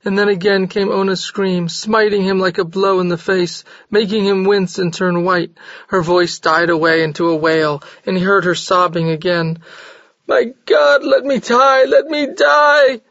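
A man narrating a novel in a steady, measured storytelling voice. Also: sits high, dry recording. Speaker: audiobook narrator. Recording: slightly dull dry recording.

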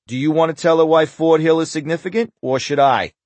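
A man voicing a smug know-it-all detective with a heavy Boston accent, loud and drawn out. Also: fairly high pitch, steady tone, fairly quick, no echo, pitched above the performer's own voice, lightly acted. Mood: smug lecturing.

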